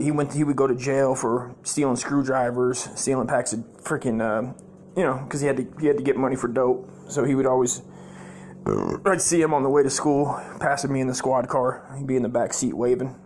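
Male comedy podcast host, profane rambling storyteller, mid-pitched, faint hiss behind. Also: a little mellow. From United States.

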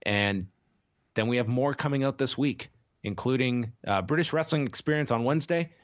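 A man's voice: medium pitch, normal speed, no room sound, lo-fi sound. Sick man co-hosting a podcast. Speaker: podcast co-host. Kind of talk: casual chat.

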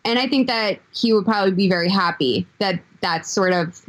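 A woman's voice: mid-range voice, fairly quick. A woman chatting as a podcast guest. She talks hesitantly, with many fillers and frequent "like". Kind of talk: casual chat.

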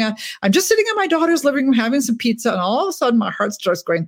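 A woman author chatting in an interview, telling lively stories about her books and life. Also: on the high side, rapid-fire, hardly any pauses, no echo, studio quality. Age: older. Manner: chatty, animated storyteller. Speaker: author guest. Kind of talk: casual interview chat. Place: home, West Coast.

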